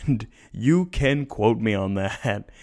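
A man talks through a casual podcast review in a lowish voice with plenty of vocal fry. He sounds tired and rambles loosely, often making fun of himself. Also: animated, slow, darkish tone. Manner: rambling, loose and self-deprecating. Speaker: podcast host.

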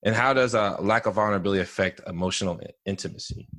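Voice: sits low, racing, fairly bright tone. Host on a chatty podcast, hesitant, reading out questions with ums. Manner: hesitant, many fillers, reads listener questions. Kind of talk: casual interview chat.

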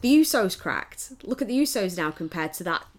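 Woman ranting on a podcast, low-ish voice, lots of swearing, really emphatic. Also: brisk. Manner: emphatic, animated, swears freely. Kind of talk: casual chat.

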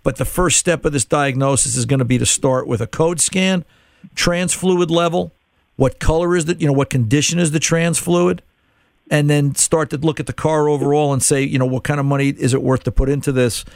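A man's voice: fairly high pitch, normal speed, creaky, no echo, clean studio sound. A middle-aged man hosting a call-in car-repair radio show, explaining in a casual, conversational way and repeating words while he thinks.

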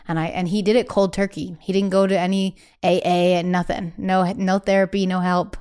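A woman in her thirties, a podcast guest talking candidly in a casual interview, often quoting family members in lively voices. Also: on the low side, a little fast, hardly any pauses, smooth.

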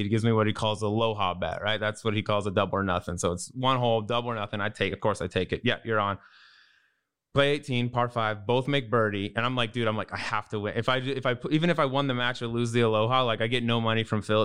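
A man co-hosting a casual chat show, telling a golf story with easygoing, quick reactions. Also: fairly low pitch, a bit bright, clean tone. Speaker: podcast co-host.

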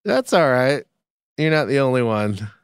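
A man hosting a podcast in casual chat, teasing his co-host with deliberately wrong answers. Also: mid-range voice, very animated, clear, resonant tone, no echo, studio quality. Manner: teasing, deliberately obtuse banter.

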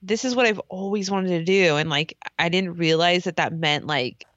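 A woman co-hosting a podcast, casually recapping a TV episode, animated, laughing a lot and swearing casually. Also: on the low side, normal speed, dry recording. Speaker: podcast co-host. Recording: slightly dull lo-fi sound.

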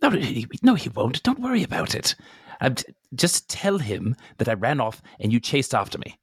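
A man's voice: mid-range voice, wildly swooping pitch, moderate pace, creaky, breathy edge, no room sound, clean studio sound, full character voice. A man voicing a reckless young man who coaxes his younger brother into mischief, in a tabletop game. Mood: coaxing. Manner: breezy, coaxing, persuasive.

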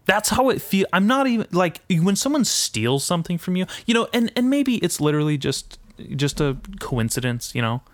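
A man's voice: sits high, sing-song, moderate pace, few pauses, no room sound, clean studio sound. A man ranting in a rambling, foul-mouthed monologue as a podcast host, mixing indignation with self-deprecating asides. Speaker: podcast host and aspiring comedian.

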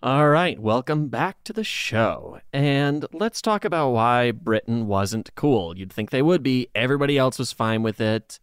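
A man's voice: medium pitch, lively intonation, measured pace, hardly any pauses, smooth, dry recording. A man in a casual podcast chat, narrating history with sarcastic, profane asides. His voice is mid-range and sounds dry and close to the mic. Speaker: podcast co-host.

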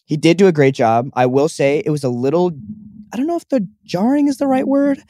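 A man's voice: a little high, lively intonation, fairly quick, dark tone, dry recording, clean studio sound. A young man co-hosting a casual chat show, rambling with lots of fillers and restarts. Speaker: podcast co-host.

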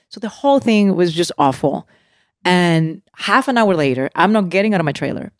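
A woman in her forties, an actress guest telling a personal story candidly, animated and full of restarts and asides. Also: lowish voice, fairly quick, dry recording, clean studio sound. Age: 40s.

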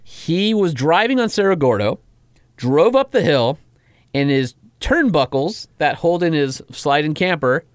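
A man hosting a podcast, telling stories in an animated, chatty way with lots of fillers. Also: on the high side, measured pace, no echo, clean studio sound. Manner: animated storyteller, full of fillers. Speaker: podcast host. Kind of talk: casual podcast chat.

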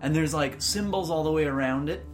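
A woman's voice: low-pitched, fairly quick, soft background music. A woman narrating as game master, describing scenes loosely with many filler words. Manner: casual, lots of "like" fillers.

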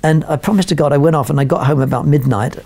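A man's voice: a little high, fast talker, darkish tone. A man, a portrait photographer appearing as a guest, telling long rambling anecdotes full of "you know" fillers and restarts. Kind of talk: anecdotal storytelling.

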